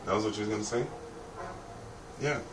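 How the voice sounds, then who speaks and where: A man's voice: lowish voice, brisk, recorded from a distance. A man talks in a loose, profane, streetwise ramble straight to his own camera. He sits well back from the mic, and his voice rings in a roomy space. A faint hum of ambience runs underneath. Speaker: vlogger. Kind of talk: rambling vlog monologue.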